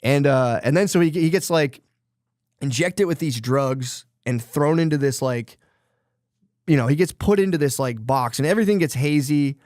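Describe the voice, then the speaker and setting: A man's voice: a little high, normal speed, a little mellow, dry recording, clean studio sound. A man hosting a podcast, casually and loosely retelling a book's plot with lots of swearing. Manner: loose, rambling retelling of a book plot, with profanity. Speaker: podcast host. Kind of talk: casual chat.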